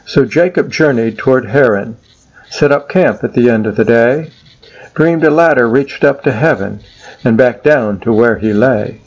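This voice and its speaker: A man's voice: mid-range voice, moderate pace, dull audio. Man reading a rhyming poem. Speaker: poem narrator. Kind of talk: rhyming scripted narration.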